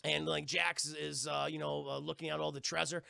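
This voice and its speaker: A man streamer giving an excitable, profane casual movie recap, acting out scenes as he goes. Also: a little high, brisk, creaky, no room sound, clean studio sound.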